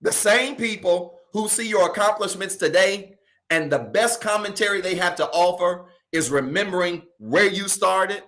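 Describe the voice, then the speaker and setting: This pastor's voice sits high and moves at a moderate pace as he delivers a colloquial, casual sermon. He leans on repeated key phrases, shifting from loud emphasis down to soft asides.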